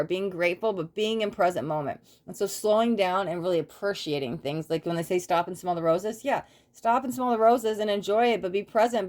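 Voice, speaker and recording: A woman's voice: fairly low pitch, a little mellow. Earnest woman giving a tarot reading. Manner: earnest, rambling, often adds "right?". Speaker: tarot reader. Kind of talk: casual spiritual talk to camera.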